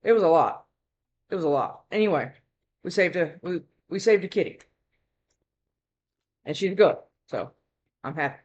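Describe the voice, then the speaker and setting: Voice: medium pitch, lively intonation, normal speed, long pauses, lo-fi sound. Chatty tarot reader who keeps asking "right?". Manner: chatty, heavy on fillers and tag questions. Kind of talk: casual rambling storytelling chat.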